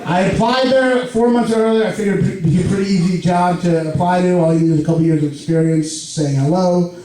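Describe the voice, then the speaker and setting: A young man with a lisp telling an animated stand-up comedy story on a club stage, jumping into loud, high outbursts. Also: fairly quick. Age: young adult. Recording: echoey club, far mic, laughing crowd. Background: audience laughter.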